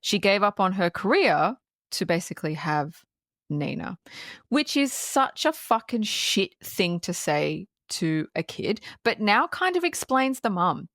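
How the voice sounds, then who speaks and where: A woman co-hosts a casual film review podcast. She swears freely and laughs easily as she retells scenes. Her voice sits at a middle pitch and sounds dry and close to the mic. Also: very animated, a little slow, fairly bright tone, no echo. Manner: swears freely, acts out quotes, laughs often. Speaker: podcast co-host.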